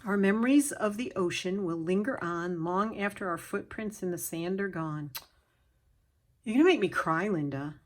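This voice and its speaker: A woman craft vlogger opening a gift package on camera, gushing and gasping over each item and sometimes dropping to a whisper. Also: mid-range voice. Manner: gushing, exclaims and gasps. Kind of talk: casual unboxing chat. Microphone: camera on a stand, she moves it by hand.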